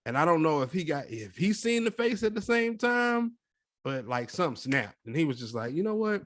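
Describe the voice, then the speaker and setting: A young man co-hosts a relaxed podcast and tells his story with lively, acted-out quotes. His voice sits a little high, and the sound is dry and close, with no room echo. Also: normal speed. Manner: animated storytelling, acts out quotes. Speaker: podcast co-host. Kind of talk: casual chat.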